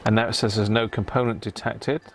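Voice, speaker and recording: Soft music plays in the background as a man livestreams his repair of a vintage radio at an electronics workbench, chatting with viewers, answering chat, and muttering while testing parts. His voice is on the low side and gravelly, brisk, with fairly even intonation.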